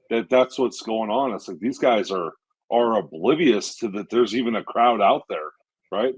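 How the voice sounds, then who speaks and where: A man co-hosting a podcast, talking casually in a measured way with lots of "you know" and "right?". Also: on the low side, husky, dry recording, low-quality recording. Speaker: podcast co-host. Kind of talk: casual chat.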